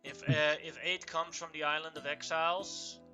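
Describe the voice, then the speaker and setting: A man runs a tabletop game as its game master. His voice sits a bit high and is very bright. He narrates casually, with fillers and restarts. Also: fairly even intonation, moderate pace, faint music behind.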